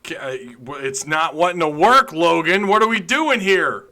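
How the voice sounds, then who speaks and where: A man's voice: a little high, animated, normal speed, sharp tone. A man hosting a sports podcast livestream, chatty and joking while he fumbles with his setup. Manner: joking, chatty, flustered by tech trouble. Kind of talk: casual livestream chat.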